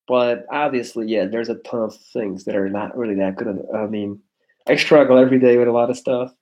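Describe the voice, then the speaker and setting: A man's voice: mid-range voice, steady tone, a little fast, a little mellow, highs cut off. A young man with a non-native English accent, reading chat on a casual livestream, blunt, profane and joking. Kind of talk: casual live-stream chat.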